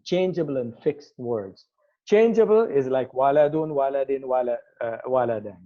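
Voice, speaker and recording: A man's voice: mid-range voice, lively intonation, moderate pace, highs cut off. A man teaching an Arabic grammar class, explaining step by step and checking the class follows. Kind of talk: classroom lecture.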